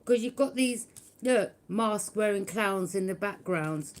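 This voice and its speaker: A woman's voice: mid-range voice, measured pace. A woman giving a live tarot reading. She taunts unseen enemies, laughs at them mockingly and keeps checking in with "yeah?". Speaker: tarot reader.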